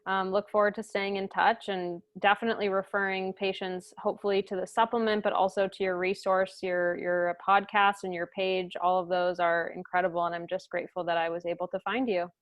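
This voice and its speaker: Female podcast host, earnest and warm-toned in delivery, mid pitch, dry recording. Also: level tone, no room sound. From outside Boston, US. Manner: earnest, grateful, quick to laugh. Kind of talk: casual interview chat.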